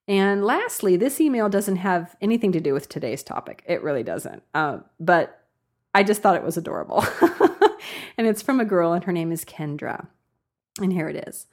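Woman podcast host, bubbly and chatty, laughs a lot, fairly low voice. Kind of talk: casual chat.

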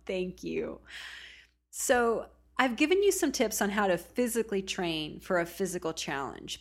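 A woman podcast host from the Oregon coast, talking casually and chattily, laughing often. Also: lowish voice. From Oregon coast, USA. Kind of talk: casual solo podcast talk.

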